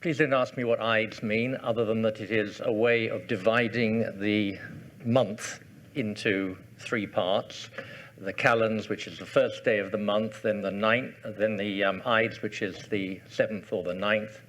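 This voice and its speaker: A man giving a history lecture to an audience, soft-spoken, genial and digressive. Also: lowish voice, steady tone, unhurried, slight background noise. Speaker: guest lecturer. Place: lecture hall before an audience.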